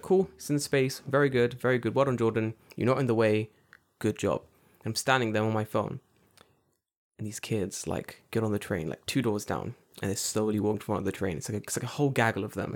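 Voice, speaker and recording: Animated, swearing man telling a story. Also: mid-range voice. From United Kingdom. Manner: animated, profane storytelling with acted-out voices. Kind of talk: casual chat.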